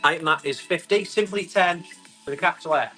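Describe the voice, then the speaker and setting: A man, selling tools on a live stream, chatty and quick to describe each item and call out the bids. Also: a little high, bright, forceful tone, faint music behind. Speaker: live auction seller.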